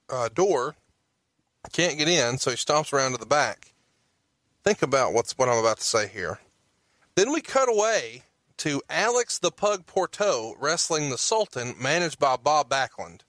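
A man's voice: on the high side, big pitch swings, measured pace, a bit bright, dry recording. A man hosting a podcast, walking through a recap of events with occasional profane outbursts. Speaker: podcast host.

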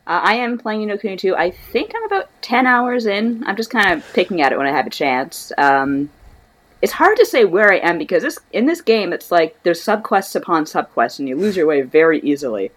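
A woman's voice: lowish voice, big pitch swings, a little fast. A woman co-hosting a casual podcast chat, rambling with many fillers. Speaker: podcast co-host.

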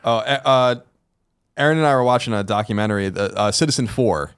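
A man's voice: medium pitch, a little fast, smooth, no room sound, clean studio sound. A man co-hosting a podcast, chatting casually and hesitantly, with many restarts. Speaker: podcast co-host. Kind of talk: casual chat.

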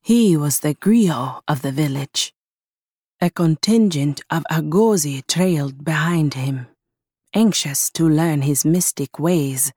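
A woman narrating a scripted story in a lyrical, measured way. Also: low-pitched, a little mellow, breathy edge, no room sound, clean studio sound.

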